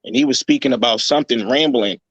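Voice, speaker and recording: A heated, foul-mouthed man holds forth in a casual chat. His voice sits mid-range in pitch. It sounds dry and close, with almost no room around it. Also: fast, no room sound. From New York. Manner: blunt, heated, profanity-laced ranting. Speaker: host. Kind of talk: casual profane reaction chat.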